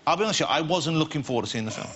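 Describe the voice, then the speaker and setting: A man's voice: a little high, animated, a bit bright, a little hiss or hum. A man hosting a late-night talk show, bantering playfully with his guests in a studio. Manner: quick, jokey, playful banter. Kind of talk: chatty late-night interviewing. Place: TV studio with live audience.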